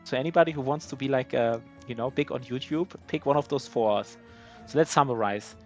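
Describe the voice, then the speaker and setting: A man's voice: mid-range voice, brisk, soft background music. A man with a German accent, a native German speaker, giving live gameplay commentary in a rambling, self-mocking way with many restarts. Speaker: streamer.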